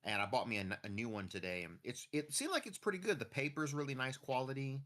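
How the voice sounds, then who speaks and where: A man's voice: medium pitch, expressive, fast, a bit bright. A man chatting casually and rambling off the cuff while streaming a farming game. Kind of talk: casual chat while gaming.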